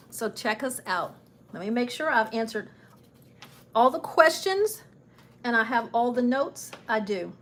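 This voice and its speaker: A chatty woman hosting a casual travel livestream, her voice sitting a little high. She sounds a bit nervous and laughs at herself as she talks. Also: fairly bright tone. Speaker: travel vlogger and travel agent.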